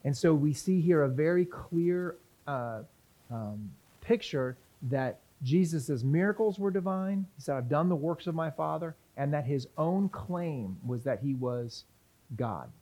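Higher-voiced man teaching a Bible lesson. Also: expressive, unhurried, dark tone, highs cut off. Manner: conversational teaching with questions to the audience; reads scripture aloud.

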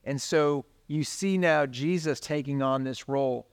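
A man's voice: medium pitch, measured pace, clear, resonant tone. A man preaching, talking casually with his listeners and reading scripture aloud. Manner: conversational, reads scripture aloud. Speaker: pastor. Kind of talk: sermon.

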